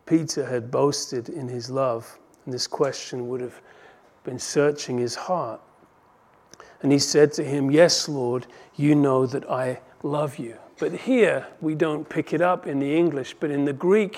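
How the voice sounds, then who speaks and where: A man's voice: on the high side, a little mellow. A man preaching a sermon with passion, his delivery swelling and dropping for emphasis. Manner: impassioned, rising and falling in volume for emphasis. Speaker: pastor.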